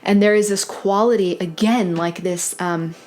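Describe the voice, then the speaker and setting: A woman giving an intuitive tarot reading to camera, talking in a dreamy, meandering way, often correcting herself with soft laughs. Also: medium pitch, steady tone, a little slow. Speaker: tarot reader.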